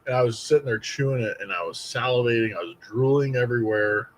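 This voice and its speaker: A man's voice: mid-range voice, fast talker, a little hiss or hum, low-quality recording. A man in his late thirties from Indiana, telling a long, rambling childhood story as a candy review host. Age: late 30s. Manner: rambling, animated, acts out quoted voices. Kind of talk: casual storytelling to camera.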